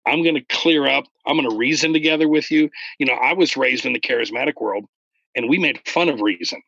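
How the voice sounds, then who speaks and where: A man in casual conversation about faith, explaining earnestly and getting animated when he retells stories. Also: mid-range voice, fairly quick, creaky, no echo, highs cut off.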